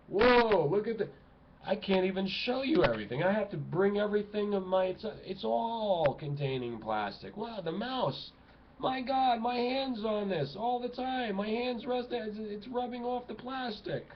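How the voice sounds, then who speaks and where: A man vlogging from home in an impassioned ranting monologue, swinging between loud exclamations and low mutters. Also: expressive, normal speed, highs cut off, slight background noise. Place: home room at a computer desk.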